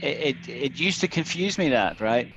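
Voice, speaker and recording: A man's voice: medium pitch, animated, moderate pace, noisy background. A man teaching an online English lesson, patiently explaining with repeated examples.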